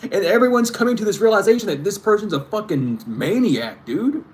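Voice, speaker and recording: A man's voice: high-pitched, very animated, brisk. Profane, emphatic man giving a reading. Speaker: tarot reader. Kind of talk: spiritual reading addressing viewers.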